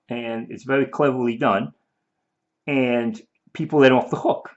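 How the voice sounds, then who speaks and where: A man's voice: medium pitch, moderate pace. A man giving rambling, emphatic video commentary, often repeating himself and mock-quoting the people he argues against. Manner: emphatic, repeats and restarts, mock-quotes opponents. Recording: dull lo-fi audio.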